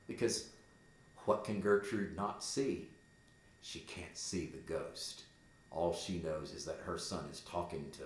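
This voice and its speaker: A man's voice: deep voice, moderate pace. A man teaching a class, reading a play aloud and explaining it in a conversational way. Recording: roomy echo.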